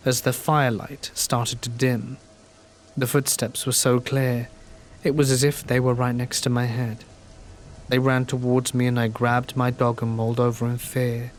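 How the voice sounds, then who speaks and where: Guy reading scary stories, calm and steady, mid-pitched voice. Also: slight background noise. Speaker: narrator. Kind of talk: scripted horror story narration.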